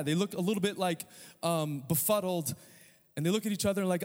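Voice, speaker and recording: A man's voice: high voice, steady tone, brisk. A man preaching a sermon in a church, talking casually with humor, then rising to fervent passages. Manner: conversational preaching with humor, swinging from quiet to fervent. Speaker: pastor. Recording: church hall with long reverb.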